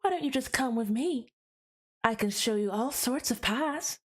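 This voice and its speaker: Flirty Southern belle, drawling coy Southern accent, a woman improvising it on stream, higher voice. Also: lively intonation, moderate pace, husky. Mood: flirtatious. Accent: put-on American Southern.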